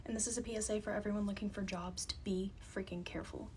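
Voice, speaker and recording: A young woman in her twenties telling a creepy job-scam story in a hushed, confiding way. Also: mid-range voice, fairly even intonation, fast talker. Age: 20s. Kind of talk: casual storytime. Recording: faint background noise.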